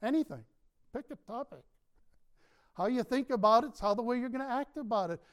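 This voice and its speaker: A male pastor preaching a sermon in a church, emphatic, with slow stressed words and light chuckles. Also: very high-pitched, expressive, clear, resonant tone. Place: church sanctuary.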